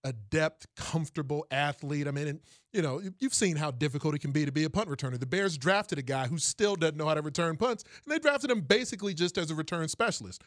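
A man talks through a player's strengths in a casual sports chat, analytical and thorough. His voice sits a little high, and the sound is dry and close with no room around it. He often repeats a word or two as he gets going. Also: animated, quick pace, no room sound. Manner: analytical, detailed, repeats words when starting. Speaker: football analyst.

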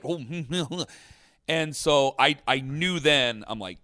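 A man casually telling a long story on a podcast, rambling and animated, with many restarts. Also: medium pitch, takes it slowly. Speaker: podcast host.

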